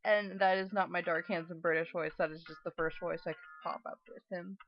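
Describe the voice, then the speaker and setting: A woman's voice: fairly low pitch, steady tone, a little fast, hardly any pauses. A woman reading a visual novel aloud and adding chatty, wry comments about it. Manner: chatty, wry asides between read lines. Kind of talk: reading game text aloud with casual commentary. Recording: dull recording with game music.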